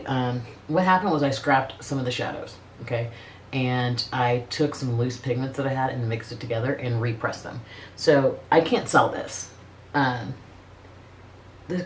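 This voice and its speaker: A woman's voice: extremely low pitch, slight background noise. A middle-aged woman chatting casually as a beauty vlogger, blunt and profane, rambling with frequent restarts. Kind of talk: casual makeup review chat.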